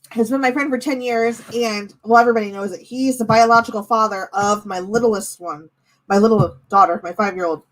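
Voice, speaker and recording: Young woman venting on a live stream. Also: mid-range voice. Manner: venting, talking with chat; animated, quotes others in her own voice. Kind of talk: casual live-stream chat.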